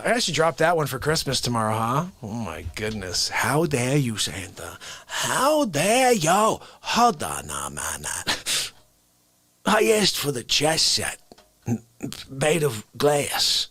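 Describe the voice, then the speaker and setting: Man putting on a boastful president impression, loud and indignant, voice swooping high and low. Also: slightly rough, no echo, exaggerated voice. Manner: exclaiming, indignant.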